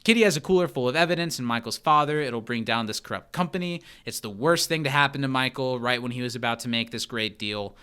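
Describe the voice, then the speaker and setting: A man co-hosting a podcast, chatting casually through a sitcom episode and acting out scenes in animated bursts. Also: mid-range voice, quick pace, few pauses, clear, resonant tone. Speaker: podcast co-host.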